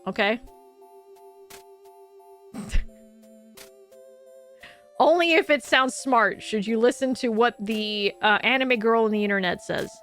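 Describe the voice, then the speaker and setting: A woman streamer chatting casually with her viewers, laughing and swearing freely, then reading second-person game narration in a slower, softer voice. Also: fairly high pitch, faint music behind, rough recording. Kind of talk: casual live-stream chat and reading game text aloud.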